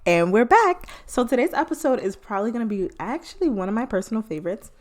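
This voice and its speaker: A woman's voice: fairly high pitch, big pitch swings, fast. Chatty playful woman podcast host. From United States. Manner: playful, chatty, laughing asides. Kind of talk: casual solo podcast talk.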